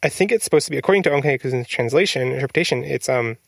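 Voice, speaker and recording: A man's voice: mid-range voice, expressive, racing, vocal fry, no echo. A man hosting a casual podcast chat, rambling and interrupting himself as he goes. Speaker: podcast host.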